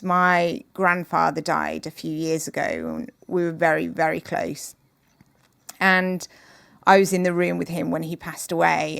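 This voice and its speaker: A woman guest in an interview, speaking in an earnest, measured and openhearted way. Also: lowish voice, gravelly, no room sound. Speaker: podcast guest, author. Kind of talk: reflective interview conversation.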